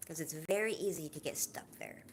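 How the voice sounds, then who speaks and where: A woman's voice: low-pitched, fairly quick, gravelly, a little hiss or hum. Heartfelt woman livestreaming to her viewers. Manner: heartfelt, confiding, warm toward viewers; lively, laughing, joking with chat. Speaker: livestream host. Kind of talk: casual livestream chat.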